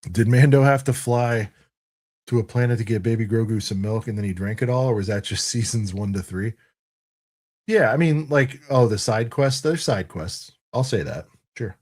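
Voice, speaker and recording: A man's voice: mid-range voice, moderate pace, a little mellow. A man in his thirties on a review panel, chatting casually and rambling, with lots of "dude" and "like". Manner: rambling and laid-back, full of "dude" and "like". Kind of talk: casual chat.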